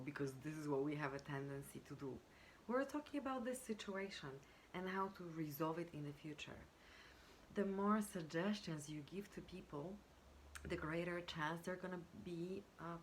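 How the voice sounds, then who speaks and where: A woman coaching on communication, explaining step by step in a measured way with frequent pauses and fillers, now and then acting out example sentences. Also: sits low, a little hiss or hum. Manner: measured, pausing with fillers, acts out example phrases. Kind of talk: explanatory teaching talk.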